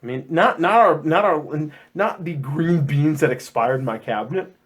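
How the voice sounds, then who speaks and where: A man co-hosts a loose, joking church podcast, his voice husky and full of swoops up and down. He talks casually and now and then slips into comic voices. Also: fairly high pitch, animated, moderate pace. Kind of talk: casual chat.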